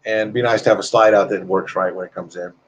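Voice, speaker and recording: A man's voice: sits low, steady tone, fast, breathy edge, lo-fi sound. Rambling chatty man hosting a live stream. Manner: rambling, reads viewer comments aloud; chatty and friendly with viewers. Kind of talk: casual live-stream chat.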